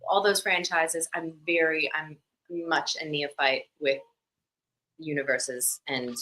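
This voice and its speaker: A woman from Australia whose speech has settled into an American accent, with traces of home slipping through. Her tone is bright and forward. She chats animatedly as a podcast guest, with many fillers along the way. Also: low-pitched, takes it slowly, rough recording. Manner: animated, chatty, lots of fillers. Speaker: guest, actor and content creator. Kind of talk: casual podcast chat.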